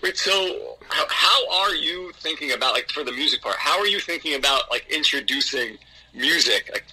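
A man's voice: on the high side, lively intonation, moderate pace, pushed and bright, breathy edge, rough recording. A man as a podcast guest in casual chat, earnest and emotional, with many "like" fillers.

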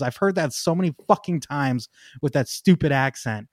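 A man co-hosting a podcast in casual chat, excitable, laughing often and trailing off with ums. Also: on the high side, moderate pace, dry recording, clean studio sound. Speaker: podcast co-host.

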